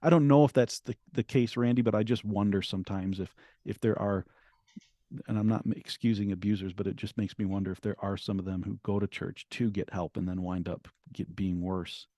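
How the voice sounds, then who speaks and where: A middle-aged man speaks as an interview guest, recounting his past in an earnest, halting way that often restarts mid-sentence. His voice sits low and mellow. The recording is close and dry. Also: fairly even intonation, dry recording. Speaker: guest, memoir author. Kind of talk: telling his story in an interview.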